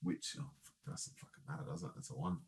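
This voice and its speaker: A man's voice: quick pace, darkish tone, slight background noise. A man narrating as dungeon master in a casual tabletop game session.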